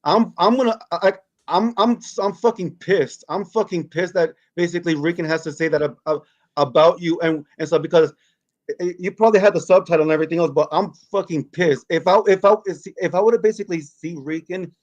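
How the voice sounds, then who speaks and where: A man rants at a streamer, angry and stammering, repeating words as he goes. His voice sits a little high. The call audio is muffled and lo-fi. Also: a little fast. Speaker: guest caller. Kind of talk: heated rant to a streamer.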